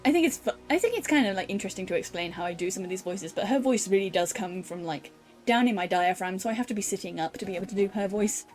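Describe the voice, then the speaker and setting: A woman's voice: medium pitch, expressive, quick pace, a little mellow, soft background music. A British woman from the UK streaming a game, chatting casually and explaining how she does her voices.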